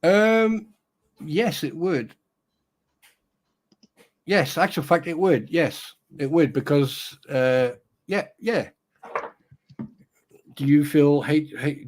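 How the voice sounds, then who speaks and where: A man's voice: fairly high pitch, normal speed, darkish tone. A man chiming in on a casual livestream chat, talkative and opinionated with a joking edge.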